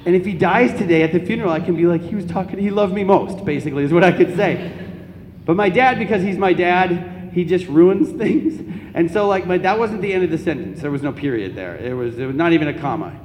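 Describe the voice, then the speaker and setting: A young man giving a Catholic talk to an audience, telling comic personal stories in an animated, joking way. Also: fairly high pitch, brisk, slight background noise. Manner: animated, comic storytelling with laughs. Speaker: Catholic speaker. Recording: echoey hall, faint ambience.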